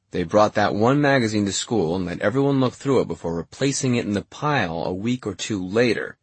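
A husky, low male voice reads an audiobook in a measured, wry storytelling manner. It is recorded close on the mic, dry and without room sound. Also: dry recording. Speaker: audiobook narrator. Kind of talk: scripted narration.

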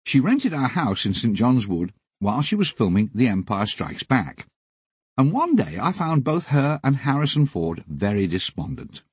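Brief: husky older man, dry close recording, lively wry memoir delivery. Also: medium pitch, moderate pace, no room sound. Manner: wry, deadpan comic storytelling. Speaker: memoir narrator. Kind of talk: audiobook memoir narration.

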